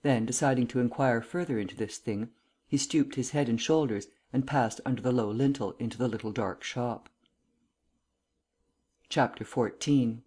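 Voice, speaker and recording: Male narrator, mellow and soft-toned, measured audiobook delivery. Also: medium pitch, slightly rough. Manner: measured, unhurried storytelling. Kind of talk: scripted narration.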